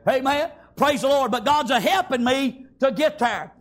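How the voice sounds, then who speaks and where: A man preaching a fervent revival sermon, often shouting and punctuating with "amen" and "praise God". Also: extremely high pitch, normal speed.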